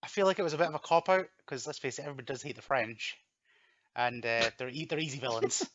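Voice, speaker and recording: A man's voice: medium pitch, quick pace, fairly bright tone, slight background noise. A man co-hosting a casual film podcast, enthusiastic and laughing a lot. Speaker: podcast co-host. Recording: slightly dull lo-fi dry sound.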